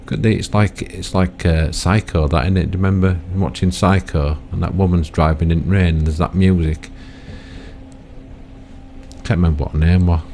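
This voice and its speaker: A man's voice: low voice, steady tone, moderate pace, darkish tone, slight background noise. An older man giving rambling, chatty commentary on his own gameplay, full of tag questions and self-mocking asides. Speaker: gaming YouTuber.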